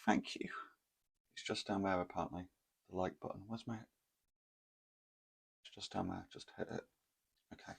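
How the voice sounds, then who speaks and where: A man in his thirties with a low, gravelly voice chats to camera. He rambles, mocks himself and wanders off into asides as he tells the story. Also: fairly even intonation, moderate pace, pauses often. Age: 30s. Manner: rambling, self-mocking, full of fillers and asides. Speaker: vlogger.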